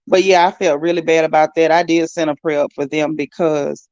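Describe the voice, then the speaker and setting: A woman's voice: sits low, a little fast, muffled recording, soft background music. A woman hosting a casual livestream, chatting to viewers and reading their comments. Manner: chatty, animated, talks straight to viewers.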